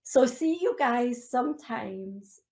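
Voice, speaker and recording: A woman with an Upper Midwest American accent hosts a call-in radio show. She talks slowly and gently, with a slightly higher voice. She grows emotional now and then while reading listeners' messages. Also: expressive. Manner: slow, gentle, emotional, reads chat messages aloud. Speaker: psychic medium radio host.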